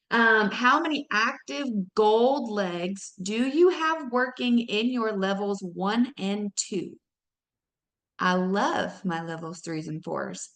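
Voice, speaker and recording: Woman, 30s, team leader; energetic motivational coaching talk, pitch leaps when excited, recorded in an echoey room. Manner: energetic, addresses the audience as y'all, pitch jumps up when excited. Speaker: network marketing team leader.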